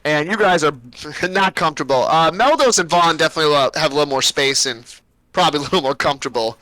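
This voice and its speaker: A man's voice: fairly high pitch, fast, pushed and bright, no room sound, low-quality recording. A man narrating as game master in a casual, rambling way, full of fillers.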